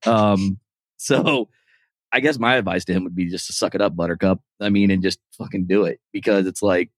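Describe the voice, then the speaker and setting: A man's voice: deep voice, a little fast, no room sound. A man co-hosting a podcast, chatting casually, swearing a lot, teasing and laughing. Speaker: podcast co-host.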